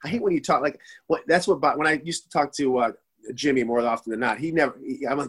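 A man in his forties telling stories excitedly in a casual podcast chat, rambling with many restarts. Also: medium pitch, quick pace, husky. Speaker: podcast guest. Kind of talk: casual storytelling.

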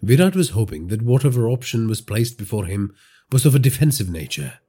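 A man with an Indian English accent tells crime fiction as a podcast storyteller, measured and dramatic. His low voice is dark and husky, with a lively rise and fall.

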